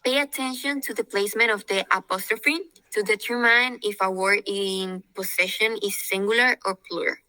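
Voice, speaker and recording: A woman's voice: medium pitch, normal speed, hardly any pauses, bright, forceful tone, no echo, rough recording. A woman taking part in a lesson as a student, giving short replies and reading example sentences aloud.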